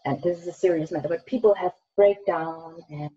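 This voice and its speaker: A woman's voice: on the low side, a little fast, warm tone, breathy edge. A woman with a Danish accent coaching pronunciation over a video call, laughing often and explaining patiently. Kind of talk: casual video call chat. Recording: dull lo-fi video call audio.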